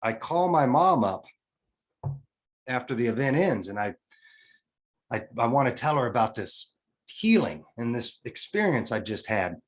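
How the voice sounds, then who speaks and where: A man's voice: medium pitch, very animated, a little slow, long pauses. A man in his forties, a podcast guest telling a personal story in a candid, emotional way, with casual swearing and restarts. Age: 40s.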